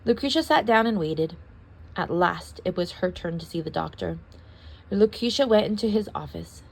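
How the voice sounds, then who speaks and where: A young adult woman reading a children's story aloud as storyteller, in a lively, expressive way. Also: lowish voice, normal speed, gravelly, slightly rough.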